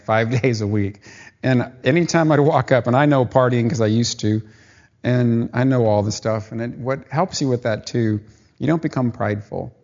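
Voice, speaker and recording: A man's voice: mid-range voice, darkish tone, muffled recording. A man preaching a testimony in a rambling, emphatic storytelling way, restarting his sentences often. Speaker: lay preacher giving a testimony. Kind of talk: sermon testimony.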